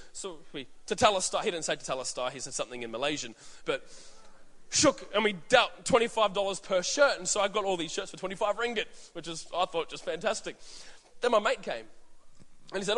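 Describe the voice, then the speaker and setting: A man's voice: sits high, brisk, a bit bright. A man with an Australian accent, a pastor preaching a sermon and telling stories, acting out voices and restarting often. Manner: storytelling, acts out voices, many restarts. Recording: echoey hall reverb.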